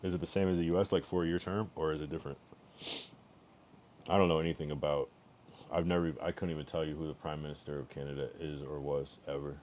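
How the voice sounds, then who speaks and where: A man's voice: extremely low pitch, steady tone, quick pace, darkish tone, a little hiss or hum. A man streaming live, chatting casually and rambling through his thoughts with many restarts.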